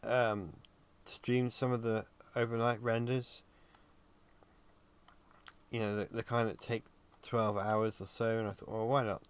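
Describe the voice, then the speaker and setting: A man's voice: on the low side, little pitch movement, smooth. Tired man rambling through a livestream. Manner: thinks aloud, halting with ums while working. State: tired and yawning. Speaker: 3D animator livestreaming his work. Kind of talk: casual livestream commentary.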